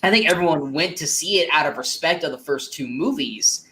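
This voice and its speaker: A man's voice: fairly high pitch, animated, fairly quick, bright, forceful tone. A man co-hosting a movie podcast, ranting emphatically and swearing in casual review chat.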